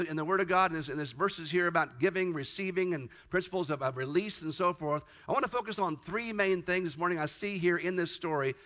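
A man preaching a Sunday morning sermon as pastor, emphatic and slowing down to stress scripture. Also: high-pitched, pushed and bright. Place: church service. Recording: dull lo-fi sound.

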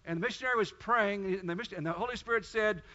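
A man's voice: sits high, fast, sharp tone, muffled recording. A man pastor preaching a sermon, telling a story and then rising into fervent, pleading prayer.

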